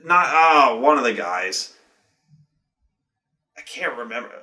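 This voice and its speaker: A man's voice: mid-range voice, lively intonation, slow, pushed and bright. A man recounting a tabletop game session as game master, rambling and profane, with restarts and acted-out quotes from the players. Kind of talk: casual profane storytelling.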